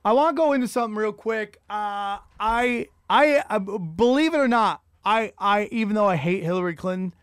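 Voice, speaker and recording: Rambling profane comedian, dry sound. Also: male voice, high-pitched, normal speed, hardly any pauses, clear, resonant tone, no room sound. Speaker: stand-up comedian on a podcast. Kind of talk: casual profane storytelling.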